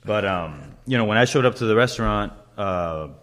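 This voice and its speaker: A man's voice: fairly low pitch, normal speed, fairly bright tone. A man hosting a podcast, telling kitchen stories in casual chat, swearing freely and laughing as he talks. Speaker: podcast host.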